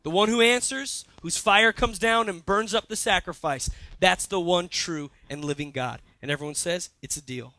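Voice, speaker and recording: A young man preaching a sermon, retelling a story with lively asides and quoted lines. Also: sits high, normal speed, hardly any pauses, no echo. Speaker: pastor. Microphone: handheld or stage mic.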